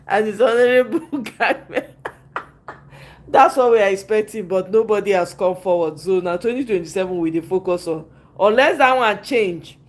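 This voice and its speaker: A Nigerian woman hosting a reaction channel, chatting casually, laughing often and slipping into pidgin. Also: medium pitch.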